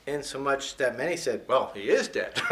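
A man preaching a sermon, reading scripture aloud in a slow, emphatic way and adding folksy, joking comments between the verses. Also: medium pitch, sing-song, background noise. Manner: slows down and stresses key scripture words.

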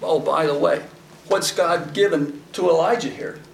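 Folksy man teaching scripture, gravelly voice. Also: a little high, moderate pace. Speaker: Bible teacher. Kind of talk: conversational Bible teaching. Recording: echoey room, mic at a distance, faint background noise.

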